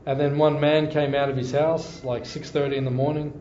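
Man, fairly high-pitched, chatty storyteller who repeats himself for emphasis; echoey room recording. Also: flat delivery, a little fast, mellow, a little hiss or hum. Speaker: devotional class speaker. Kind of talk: informal scripture class with anecdotes. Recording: echoey room, slightly dull sound.

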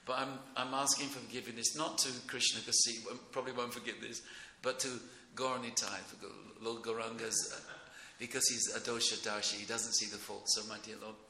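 Gravelly, forceful middle-aged man in an echoey room. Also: medium pitch, brisk. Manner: rambling, excitable, often chuckling. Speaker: speaker giving a devotional class. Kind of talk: informal devotional class talk. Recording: echoey room with faint noise.

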